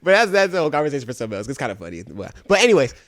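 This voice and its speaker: A man co-hosts a casual podcast chat, talking fast and rambling. His voice swings up and down as he goes and often mimics other people. The sound is close and dry. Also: mid-range voice, big pitch swings, no echo. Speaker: podcast co-host.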